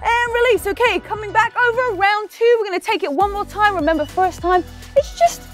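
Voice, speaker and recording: A woman's voice: very high-pitched, a little fast, over music. A woman with an English accent leading a group workout, upbeat and laughing often as she counts down reps and chats with her trainers. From England. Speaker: fitness instructor. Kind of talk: leading a workout, chatty cues.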